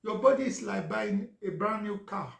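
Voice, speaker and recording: A man's voice: high voice, animated, moderate pace, gravelly, echoey room. A man, a vlogger telling a casual story and talking straight to his viewers. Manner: anecdotal, addresses viewers directly.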